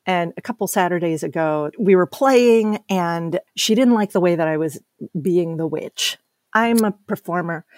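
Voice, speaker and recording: A woman telling a candid, animated story about her daughter, with self-deprecating humor. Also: on the low side, measured pace, no echo, clean studio sound.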